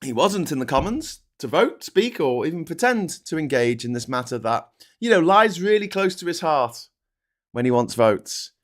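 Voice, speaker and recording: A man delivering a profane, sardonic political rant. His voice is fairly high and swings widely in pitch. He jabs at his targets with mocking asides. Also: very animated, moderate pace. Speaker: political commentary vlogger. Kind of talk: ranting political commentary.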